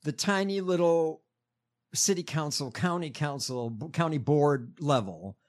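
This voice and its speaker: A man's voice: on the high side, measured pace. A man with a somewhat raised voice co-hosts a loose political chat. He reads headlines aloud and breaks into sarcastic, profane commentary. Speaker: podcast co-host.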